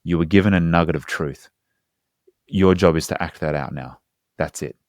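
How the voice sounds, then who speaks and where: A man's voice: deep voice, moderate pace, darkish tone, no room sound, studio quality. A man speaking as a hypnotherapist guest in a casual podcast conversation, earnest and explanatory with slangy asides.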